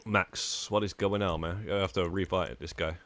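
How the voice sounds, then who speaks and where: While playing a game on a live stream, a man chats loosely with his viewers, peppering his talk with "uh" and "man." His voice is low and steady, fairly bright, at normal speed, with a little hiss or hum in the audio.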